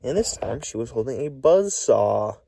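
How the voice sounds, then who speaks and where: Tired man with a gravelly voice. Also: mid-range voice, sing-song, mellow, no room sound, distant mic. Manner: halting, full of restarts and repeats. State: tired and short of breath. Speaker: vlogger. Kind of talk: rambling recorded monologue.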